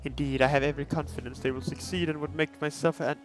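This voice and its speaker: A man voicing a self-assured, smooth-talking male merchant with a grandiose, showman-like delivery, sometimes tripping over words. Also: on the high side, steady tone, quick pace, faint music behind, close to an everyday voice.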